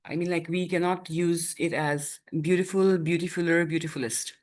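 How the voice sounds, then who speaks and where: Lady teacher, lowish voice, keeps asking okay? as she explains. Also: steady tone, normal speed, a little mellow. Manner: explains patiently, often checks understanding with "okay?". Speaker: English teacher. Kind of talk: live classroom lesson.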